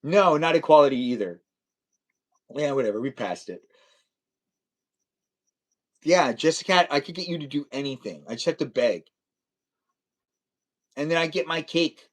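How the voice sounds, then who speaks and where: A man's voice: fairly high pitch, animated, moderate pace, long pauses. A young man live streaming, chatting casually and teasing his viewers as he reads their comments, laughing often. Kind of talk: casual livestream chat reading viewer comments.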